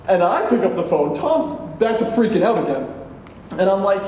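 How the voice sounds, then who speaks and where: A man performing a true story live on stage, animated, acting out the other people's lines and laughing as he tells it. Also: sits high, brisk. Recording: echoey room, mic at a distance, faint background noise.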